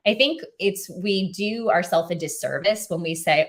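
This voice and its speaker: A woman's voice: lowish voice, fairly quick, a bit bright. A woman hosting a live video Q&A, speaking earnestly and encouragingly to viewers, with frequent ums and restarts. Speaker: OCD advocate hosting a live Q&A. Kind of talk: live stream Q&A talk.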